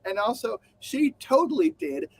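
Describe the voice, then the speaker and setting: A man co-hosting a casual podcast, his voice high and swinging widely in pitch. He rants with swearing and acts out quotes in funny voices. The sound is dry and close. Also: very animated, normal speed, husky, dry recording. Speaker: podcast co-host. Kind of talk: casual news chat.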